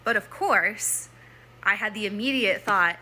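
A woman's voice: medium pitch, unhurried, pushed and bright, slight background noise. A young woman telling a personal story in a chatty way, full of "like" and "um", often acting out her own past thoughts. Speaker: former church member telling her story.

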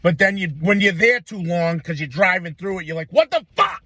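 A man's voice: high voice, steady tone, a little fast, sharp tone, no echo. A man from Massachusetts in a casual comedic rant, rambling and swearing, full of "like" and "you know".

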